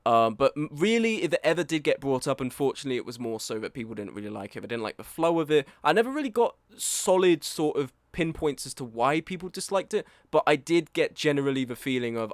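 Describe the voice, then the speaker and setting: A man in his early twenties, an author, reacts casually and candidly to a review of his book, rambling and losing his train of thought. His mid-range voice is animated and fairly quick. The recording is dry, with clean studio sound.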